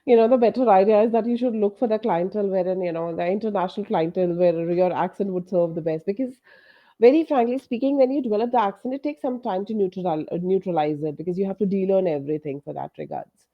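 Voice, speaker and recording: A woman with an Indian English accent coaches pronunciation over a video call, explaining sounds frankly and padding her points with "you know". Her pitch sits in the usual middle for a woman. The call audio is a little muffled and dull. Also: fast. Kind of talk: online coaching session.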